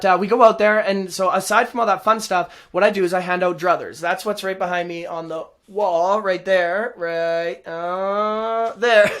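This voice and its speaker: High-voiced man rambling in a vlog. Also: fairly bright tone. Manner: rambling, repetitive, frequent laughs. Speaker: host. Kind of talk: casual vlog commentary.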